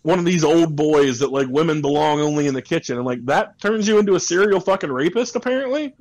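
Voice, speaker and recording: Male podcast co-host, fired-up profane ranter, voice a bit high. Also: lively intonation, fast, darkish tone, rough recording. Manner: heated, profane, rambling with restarts. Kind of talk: casual ranting chat.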